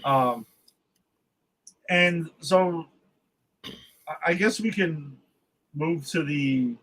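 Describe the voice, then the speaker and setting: A man's voice: a little high, very slow, fairly bright tone, rough recording. A man co-hosting a casual movie review podcast, sounding exasperated, swearing and rambling with restarts. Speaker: podcast co-host.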